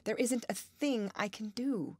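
A troubled young farmer, read by a woman narrator, brooding and full of longing. He speaks in an earnest, pleading way, voiced as audiobook dialogue a little above the reader's usual pitch. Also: animated, unhurried, husky, dry recording.

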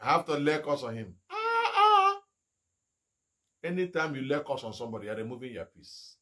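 A middle-aged man from Nigeria preaching a fiery sermon as an evangelist, firing rhetorical questions and bursting into shouted rebukes. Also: fairly high pitch, huge pitch swings, moderate pace.

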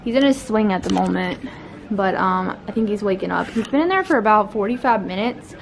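A woman's voice: medium pitch, expressive, brisk, creaky, a crowd in the background. A young woman, a new mother, chatting casually to her vlog camera, rambling with many fillers.

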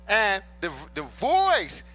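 A man's voice: high voice, wildly swooping pitch, slow, pushed and bright. A man preaching a sermon in an emphatic, colloquial way, repeating his key points and addressing the congregation as brothers and sisters. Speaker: pastor.

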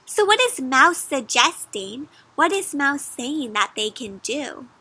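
A woman giving an interactive read-aloud for children, animated, with gasps and questions to her young listeners. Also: high voice, takes it slowly. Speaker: children's storyteller.

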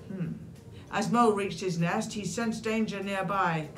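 A British woman in her sixties reading a rhyming children's picture book aloud, animated and expressive with dramatic gasps. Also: mid-range voice, slow pace. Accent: British English. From England. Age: 60s. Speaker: children's story reader. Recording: echoey room.

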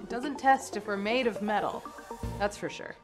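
A woman's voice: medium pitch, normal speed, soft background music. A young woman hosting a live quiz show, playful and punny, chatting with her players. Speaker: game show host. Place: studio in New York.

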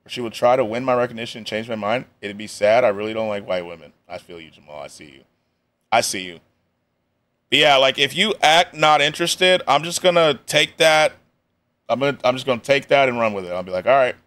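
A man's voice: mid-range voice, animated, brisk, a bit bright. A man casually reacting to a video on a live stream, talking in a laid-back, slangy way with joking asides.

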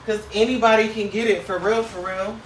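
A woman's voice: mid-range voice, steady tone. Sassy woman ranting on a livestream. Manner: sassy, drawn-out, swinging between loud and muttered. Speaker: livestream host. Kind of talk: casual livestream chat reading comments. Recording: faint background noise.

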